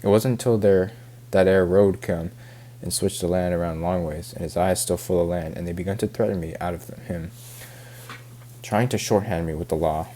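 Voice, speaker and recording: A man reading aloud as a self-pitying older backwoods farmer, halting over the rural dialect. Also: deep voice, steady tone, warm tone.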